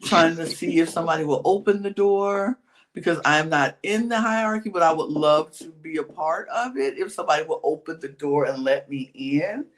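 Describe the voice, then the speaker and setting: A podcast co-host recapping a reality show in casual chat, acting out the other people's lines, sometimes in whispers, with drawn-out colloquial exclamations. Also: mid-range voice.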